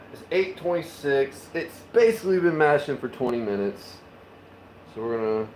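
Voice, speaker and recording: A man's voice: mid-range voice, a little mellow, echoey room, a little hiss or hum, poor audio. A man live-streaming his home beer brewing, chatting casually, rambling and swearing as he works in his kitchen. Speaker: homebrewing streamer.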